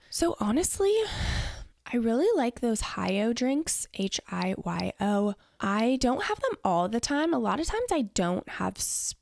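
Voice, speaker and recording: A young woman hosts her own podcast and answers listener questions in an easygoing solo chat. Her voice carries a steady vocal fry, and she leans on "like" and "you know" as she talks. The sound is close and dry, with no room around it. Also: medium pitch, no room sound. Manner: chatty, earnest, peppered with "like" and "you know". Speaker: podcast host.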